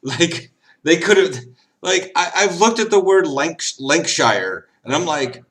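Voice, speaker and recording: A man's voice: a little high, lively intonation, unhurried, a bit bright. A man chatting casually while he plays games on a stream. He is tipsy, rambles, jokes and giggles as he goes. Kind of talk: casual chat while gaming.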